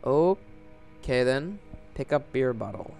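A man casually commenting on a story game as he plays, reading its text aloud, swearing and yelling at characters. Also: medium pitch, lively intonation, takes it slowly, clean tone, soft background music. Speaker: gaming channel host. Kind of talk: let's play commentary.

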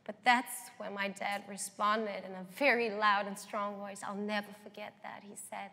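A woman's voice: mid-range voice, flat delivery, normal speed, vocal fry, hardly any pauses, sharp tone. A young woman, a guest singer, telling her life story earnestly in an interview. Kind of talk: interview testimony. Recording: long hall reverb.

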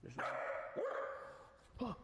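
A man chatting casually on a livestream, excitable and repeating short phrases over and over. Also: takes it slowly. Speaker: streamer. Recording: roomy echo with clear background noise. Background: dog barking.

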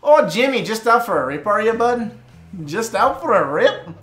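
A man's voice: high-pitched, sing-song, moderate pace, roomy sound, crowd noise, voice pushed up. A man doing a folksy Canadian prefect. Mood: chummy. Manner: folksy and chummy. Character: folksy friendly Canadian school prefect, male.

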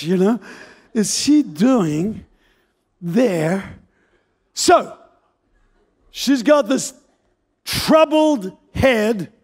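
An older male pastor preaching a sermon, telling a story in an animated, comic, fast-moving way. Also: high-pitched.

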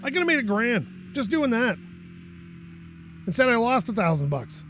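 This gaming channel host has a very high voice and speaks at normal speed as he works through a let's play. He talks to himself with animation and lets out swears when frustrated. A little hiss or hum is present.

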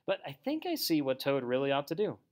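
A man's voice: on the high side, wildly swooping pitch, fairly quick, a little mellow, voice pushed up. A man doing a fussy, sensible rat. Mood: anxious. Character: sensible anxious male water rat.

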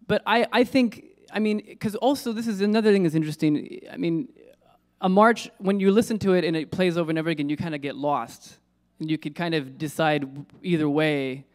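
A man's voice: fairly high pitch, normal speed. A man giving an informal lecture on poetry, musing aloud with restarts and questions to his audience in a lecture room. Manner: casual, musing, many restarts and asides to the audience.

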